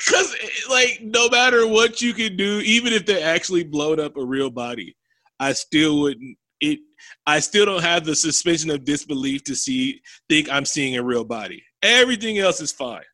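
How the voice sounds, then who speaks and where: Guy retelling a movie scene, bright forceful voice, dry close sound, acts out all the lines. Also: a little high, moderate pace, no echo. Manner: animated storyteller, acts out quotes, swears, laughs often. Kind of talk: casual film recap chat.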